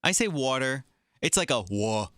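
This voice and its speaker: A man co-hosting a casual podcast chat, excitable and jokey. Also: mid-range voice, normal speed, dry recording, studio quality. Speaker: podcast co-host.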